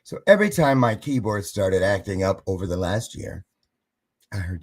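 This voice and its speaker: A man with a husky, slightly rough voice hosts his live-stream show. He tells a rambling personal story, and his pitch swings widely as he acts out each quoted voice. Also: animated, moderate pace. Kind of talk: casual storytelling monologue.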